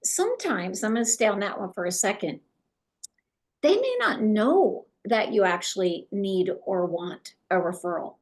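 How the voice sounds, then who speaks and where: Animated middle-aged woman coaching real estate agents. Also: mid-range voice, moderate pace. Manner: animated, acts out client conversations.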